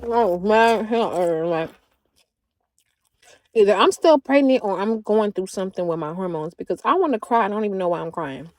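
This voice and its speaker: A woman's voice: mid-range voice, lively intonation, normal speed, a little mellow, no room sound. A woman livestreaming in a casual chat, drawling and talking back to her viewers.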